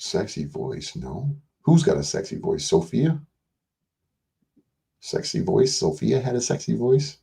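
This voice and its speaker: A man's voice: on the low side, big pitch swings, unhurried, creaky, dark tone. An older man hosting a livestream, rambling casually and profanely while reading and answering chat messages. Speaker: livestream host.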